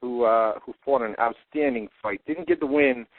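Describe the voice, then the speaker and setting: A man's voice: medium pitch, moderate pace, no room sound. New york guy rambling on web radio, tinny phone-ish sound, dry. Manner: loose, rambling, cursing, lots of restarts. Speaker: radio show host. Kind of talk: casual radio banter.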